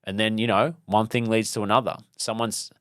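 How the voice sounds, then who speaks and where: Deep-voiced man telling a story. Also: little pitch movement, brisk, fairly bright tone, dry recording, clean studio sound. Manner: rambling, storytelling with many fillers and restarts. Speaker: podcast host. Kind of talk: casual motivational monologue.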